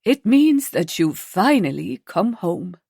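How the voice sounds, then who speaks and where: A woman narrator voicing an older grandmother who speaks slowly, calmly and reassuringly. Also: lowish voice, creaky, breathy edge, no echo, clean studio sound, heavily acted. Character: warm, wise grandmother, Sylvia.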